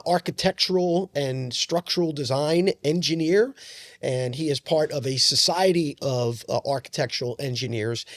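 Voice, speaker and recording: A man who is a podcast guest, talking in an animated way with lots of "uh" fillers and sudden bursts of speed. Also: fairly high pitch. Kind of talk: casual podcast conversation.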